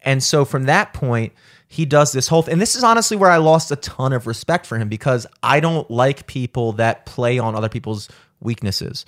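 A man's voice: mid-range voice, moderate pace, a bit bright. Rambling, profane podcast guy. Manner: rambling, profane, many fillers and restarts. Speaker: podcast co-host. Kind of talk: casual podcast chat.

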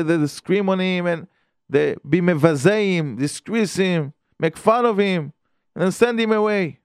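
A man tells a story as a sermon in earnest, halting English. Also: high-pitched, no echo, studio quality.

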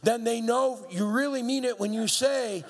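A man preaching a sermon, acting out biblical voices and building up to shouts with playful asides. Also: very high voice, normal speed. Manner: acts out voices of biblical figures. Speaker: pastor. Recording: long hall reverb.

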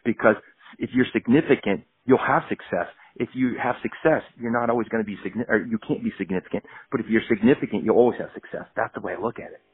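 A man's voice: medium pitch, fast talker, slightly rough, dry recording. A man on a podcast, telling stories as a guest doctor and acting out the people in them. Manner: animated storyteller acting out quoted dialogue. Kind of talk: casual podcast storytelling. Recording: tinny phone-like audio.

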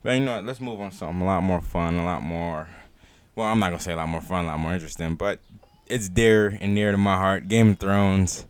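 A man hosting a casual podcast chat, relaxed and laughing often as he moves the talk from topic to topic. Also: deep voice, fast talker, clear, resonant tone, no echo. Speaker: podcast host.

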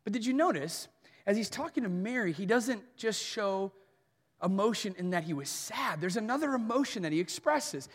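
A man in his thirties delivers an earnest sermon in a high voice. He drops soft and rises forceful as he preaches. A long hall reverb trails his words. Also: lively intonation, moderate pace. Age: 30s. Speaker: pastor.

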